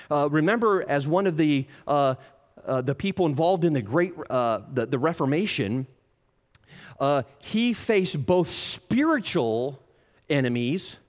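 A male pastor preaching a sermon, telling stories animatedly and acting out quoted voices. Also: fairly high pitch. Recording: long hall reverb.

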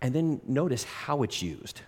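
A man preaching a sermon in an animated, emphatic way, speaking directly to his listeners. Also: medium pitch, measured pace, in a large hall.

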